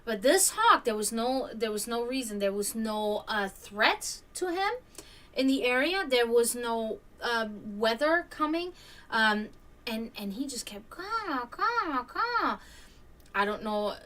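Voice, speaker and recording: A woman's voice: on the high side, lively intonation, unhurried, a bit bright, distant mic. A woman hosting a stream, telling a story casually, rambling with many fillers and restarts. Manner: imitates hawk caws. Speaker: stream host.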